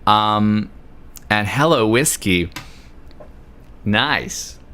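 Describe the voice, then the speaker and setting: A man's voice: fairly low pitch, lively intonation, drawn-out words, bright, forceful tone, clean tone. A drunk Australian man livestreaming a game, chatting in a rambling, sweary, giggly way. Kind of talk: casual chat while gaming.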